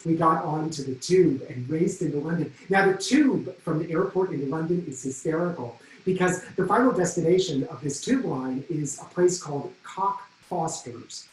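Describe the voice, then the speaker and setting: A man's voice: fairly high pitch, recorded from a distance, a little hiss or hum. A man tells a comic travel story on stage, gushing and full of chatty asides. His voice sits off mic, with a roomy echo. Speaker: solo performer.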